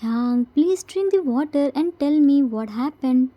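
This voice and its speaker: A woman voicing a calm, patient young man who speaks gently to soothe a friend. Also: high-pitched, unhurried, muffled recording, pitched below the performer's own voice. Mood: soothing.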